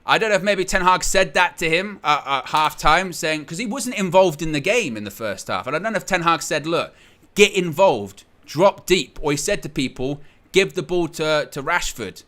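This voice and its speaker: A man hosting a live football watchalong, calling the play, surging loud at goals and then breaking it down calmly, reading viewers' chat aloud. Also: fairly high pitch, normal speed. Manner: excitable, surges loud at goals, then calm analysis. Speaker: watchalong host. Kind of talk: live match watchalong commentary.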